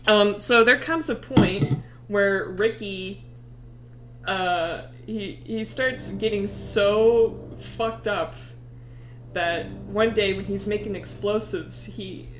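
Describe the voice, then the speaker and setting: A young woman streamer retelling game lore in a casual, animated way, swearing and often breaking into laughter. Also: mid-range voice, takes it slowly, roomy sound, a little hiss or hum.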